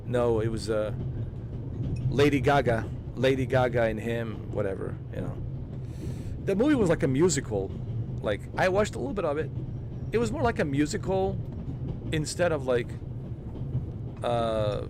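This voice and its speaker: A man chatting casually during a game walkthrough, excitable and rambling, often swearing. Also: medium pitch, measured pace, pauses often, background noise. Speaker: gaming streamer.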